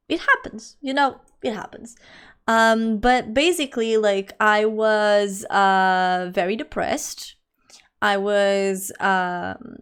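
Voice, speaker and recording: Chatty young woman streamer, smooth voice. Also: mid-range voice. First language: not English. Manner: chatty, rambling, quick to laugh; talks straight to her chat. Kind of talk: casual livestream chat.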